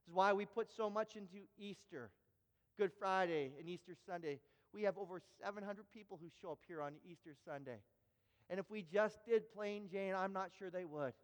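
A man preaching a sermon in a church, telling an animated story with stammered restarts. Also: high voice, smooth, in a large hall. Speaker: pastor. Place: church sanctuary.

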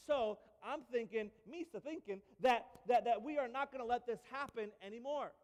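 A man's voice: extremely high pitch, moderate pace, in a large hall, pitched above the performer's own voice. A man voicing an eager, earnest young shepherd boy who insists on telling his story.

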